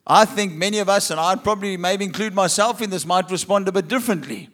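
A man's voice: high voice, fast talker, a bit bright. A man preaching a sermon, reading scripture and asking rhetorical questions with humorous asides. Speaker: pastor.

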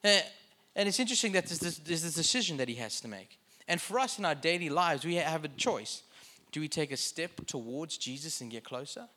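A man's voice: a little high, lively intonation, brisk, pushed and bright. A man preaching a sermon in a conversational way, with joking asides.

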